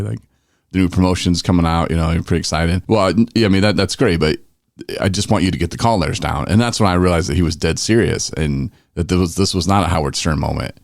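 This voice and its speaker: A man's voice: low voice, brisk, creaky, no echo, clean studio sound. A man hosting a podcast, telling stories in a laid-back, chuckling way and acting out quotes. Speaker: podcast host. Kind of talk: casual podcast storytelling.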